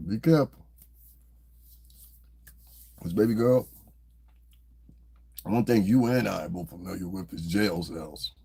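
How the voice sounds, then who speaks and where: A man's voice: deep voice, steady tone, moderate pace, creaky, long pauses, mellow, breathy edge. A man hosting a podcast, talking loosely and profanely as a laughing storyteller. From New Jersey. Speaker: podcast host. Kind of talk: casual commentary monologue.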